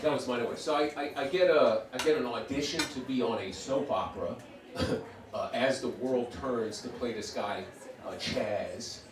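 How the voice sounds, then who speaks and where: A man's voice: medium pitch, normal speed, far from the mic, noisy background. Stand-up comic, male, rambling and profane, mid-range voice, heard a bit off-mic in an echoey club with the crowd laughing. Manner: profane, rambling, filler-heavy with many "uh"s. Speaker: stand-up comedian. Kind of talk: stand-up storytelling. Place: comedy club stage with live audience. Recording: roomy club sound, audience laughter.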